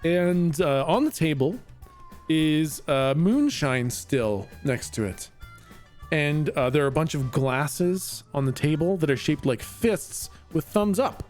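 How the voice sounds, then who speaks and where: Giggly game master man, fairly high voice. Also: animated, slow, darkish tone, soft background music. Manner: laughs a lot, lots of uh fillers while improvising. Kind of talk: narrating a tabletop game.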